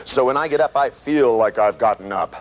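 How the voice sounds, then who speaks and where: A man giving a live seminar lecture, animated and profane, full of "you know" and "right", acting out sounds with his voice. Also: medium pitch, brisk. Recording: noisy old tape recording with clicks.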